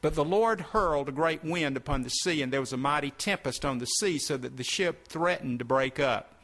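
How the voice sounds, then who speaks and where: Man preacher, higher voice, reads scripture and breaks in with comments. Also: moderate pace, a bit bright. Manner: reads verses then breaks in to explain. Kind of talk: sermon reading scripture with commentary.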